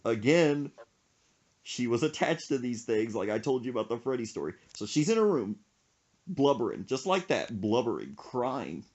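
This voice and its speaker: A young man hosting a podcast, telling a comic story in a casual, animated way. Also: medium pitch, moderate pace, husky. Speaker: podcast host.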